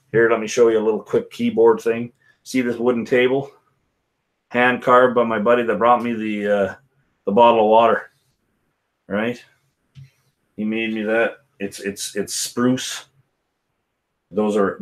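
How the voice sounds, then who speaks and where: A man hosting a casual whisky live stream, rambling and chatting with viewers by name. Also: fairly low pitch. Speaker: livestream host.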